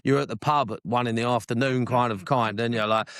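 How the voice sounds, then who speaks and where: A man with a Cockney accent talks through a casual podcast chat in long, excitable tangents, swearing as he goes. His voice is smooth and clear. The sound is close and dry. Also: mid-range voice, brisk, no echo. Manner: rambling, excitable, swears freely. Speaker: podcast co-host.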